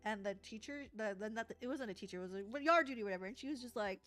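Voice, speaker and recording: A young adult woman livestreaming as she crafts, telling a story in a rambling, animated way with laughs. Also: fairly high pitch, rapid-fire, faint music behind. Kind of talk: casual live-stream chat while crafting.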